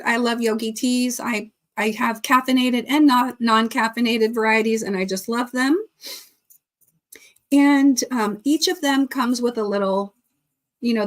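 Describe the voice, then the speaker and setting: Chatty woman live streamer, higher voice. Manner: chatty, reads viewer comments aloud, laughs often. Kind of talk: casual live stream chat.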